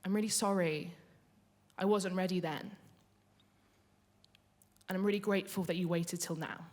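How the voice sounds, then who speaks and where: A woman voicing her gentle sixty-year-old mother, who is frank and loving. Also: lowish voice, steady tone, normal speed, voice pushed down, lightly acted. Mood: quiet.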